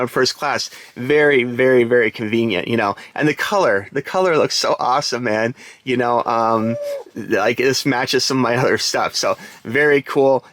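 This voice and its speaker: A man's voice: mid-range voice, fairly bright tone, dry recording. A man giving a casual, enthusiastic product review, chatty with lots of fillers.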